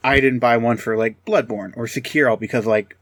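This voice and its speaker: A man's voice: mid-range voice, fairly even intonation, brisk, no room sound. A man co-hosting a podcast, chatting casually and hesitantly, with lots of fillers. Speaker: podcast co-host. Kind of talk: casual chat.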